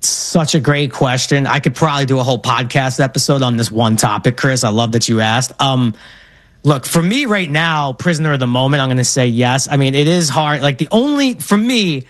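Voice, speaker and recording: A man, telling stories as a guest in casual sports talk, animated and full of fillers. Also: mid-range voice, moderate pace, no echo. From Brooklyn, New York. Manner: animated storyteller, many fillers.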